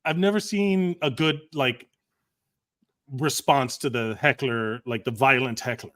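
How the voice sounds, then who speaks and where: A man who is a comedian and podcast co-host, talking in an animated, profane way and laughing often in casual chat. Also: medium pitch, unhurried.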